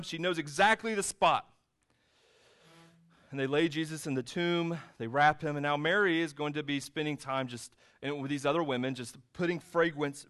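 A man's voice: fairly high pitch, a bit bright. A man, a pastor, preaching a sermon in a church and retelling the scene in a casual, storytelling way. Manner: conversational storytelling, retelling scenes in his own words. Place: church sanctuary with a screen.

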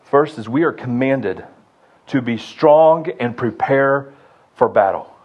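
A young adult man preaching a sermon, building to loud rallying shouts and then dropping low and intimate. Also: animated, slow pace, muffled recording. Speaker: pastor.

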